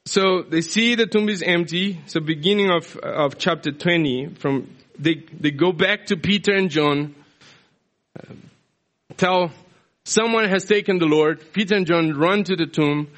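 A male preacher from South America explains scripture in an unhurried, conversational sermon. His voice sits a little high, and he often restarts his phrases as he thinks aloud. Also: a bit bright.

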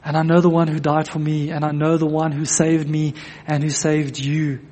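High-voiced preacher with a hall echo. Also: male voice, little pitch movement, moderate pace, darkish tone. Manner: earnest, repeats phrases for emphasis. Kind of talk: sermon. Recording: long echo of a church hall.

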